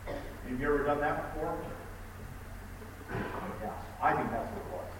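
A man preaching a sermon, telling stories with animated emphasis and reading scripture aloud. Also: fairly high pitch, unhurried, noisy background. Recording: echoey hall, distant mic with faint ambience.

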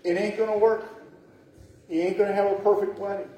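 A man's voice: high voice, little pitch movement, brisk, dark tone. A middle-aged man, a pastor, telling humorous wedding stories in a chatty sermon with laughing asides and acted-out voices. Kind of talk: storytelling sermon. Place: church sanctuary. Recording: echoey church hall from far off.

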